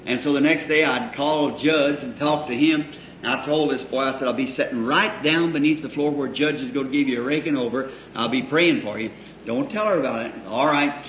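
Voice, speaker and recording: This preacher has a mid-range, somewhat bright voice and talks a little fast, addressing a congregation in a church hall. Folksy and anecdotal, he draws out phrases and chuckles between lines on an echoey, faintly hissing old recording.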